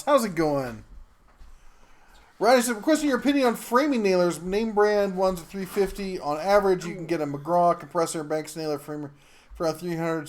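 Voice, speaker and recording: A middle-aged man hosting a live tool show, chatting casually and reading viewer comments in a rambling, halting way with many fillers. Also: high voice.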